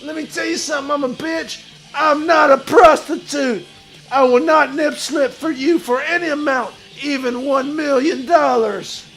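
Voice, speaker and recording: A man playing a crude, boastful washed-up pro wrestler who talks about himself in the third person and shouts his lines. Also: very high-pitched, fairly even intonation, normal speed, faint music behind. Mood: swaggering bravado. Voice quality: gravelly, shouty bravado. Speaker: streamer in character. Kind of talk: improvised comedy stream.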